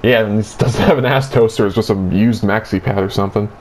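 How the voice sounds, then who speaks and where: A man's voice: on the low side, quick pace, darkish tone, a little hiss or hum. Rambling, crude young man telling a dream. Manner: rambling and crude, full of filler likes. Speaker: host retelling his dream. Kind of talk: casual chat.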